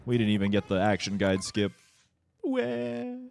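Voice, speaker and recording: A man commenting casually on his own speedrun, relaxed and joking as he talks to chat. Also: lowish voice, fast talker, background noise. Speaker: speedrunner streamer. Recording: faint game music behind.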